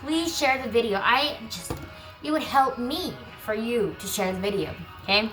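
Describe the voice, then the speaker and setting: A woman giving a collective tarot reading who reads card texts aloud and breaks into chatty asides. She is losing her voice and keeps clearing her throat. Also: a little high, animated, normal speed, a bit bright, soft background music, low-quality recording. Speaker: tarot reader.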